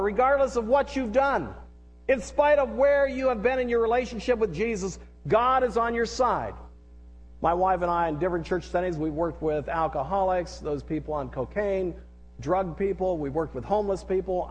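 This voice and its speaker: This sermon comes from a middle-aged man whose voice sits high for a male, preaching earnestly, repeating himself and drawing responses from the crowd. The sound rings out with lengthy large-hall reverb.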